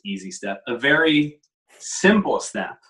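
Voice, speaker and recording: A man talking as a guest in a casual conversation, reflective and measured, with frequent pauses. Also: mid-range voice, sing-song, pushed and bright, rough recording.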